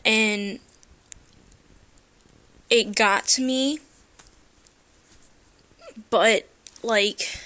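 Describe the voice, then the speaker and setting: A woman's voice: a little high, fairly even intonation, extremely slow, long pauses, pushed and bright. A woman telling a personal story into her phone, earnest and emotional, hesitating with many fillers. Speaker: vlogger.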